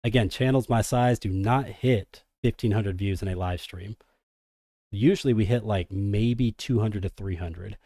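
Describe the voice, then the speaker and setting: A man's voice: fairly low pitch, unhurried, no room sound, studio quality. A man hosting a casual crypto livestream, talking energetically to his viewers and calling them degens. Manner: energetic, hype-driven, addresses viewers as degens.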